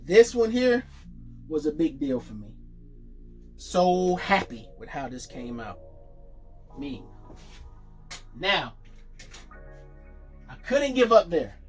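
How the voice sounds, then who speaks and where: A man presenting his jersey collection in a casual vlog, chatty and excited, correcting himself as he goes. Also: fairly high pitch, slow, long pauses, soft background music. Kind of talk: casual show-and-tell vlog.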